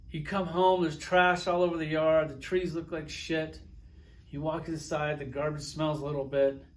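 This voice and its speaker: A man giving a profane, sarcastic comedic rant to camera, telling crude stories with heated outbursts. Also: a little high. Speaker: toy collector reviewer.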